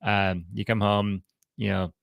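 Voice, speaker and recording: A man counseling a group in an informal teaching talk, halting and often restarting his sentences. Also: on the low side, little pitch movement, vocal fry, a bit bright, no echo, clean studio sound. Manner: halting, with frequent restarts and repeated words. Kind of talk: informal teaching talk with role-played examples.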